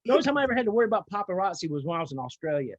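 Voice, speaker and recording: A man's voice: high-pitched, very fast, muffled recording. A man guesting on an interview show, chatting casually and acting out the people in his stories. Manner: animated storyteller, acts out quotes. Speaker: guest singer.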